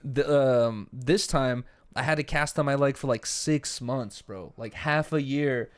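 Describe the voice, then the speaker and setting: A man's voice: medium pitch, unhurried, clean tone. A young man co-hosting a podcast, chatting casually with lots of fillers and swearing. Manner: rambling, filler-heavy, swearing. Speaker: podcast co-host. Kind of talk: casual chat.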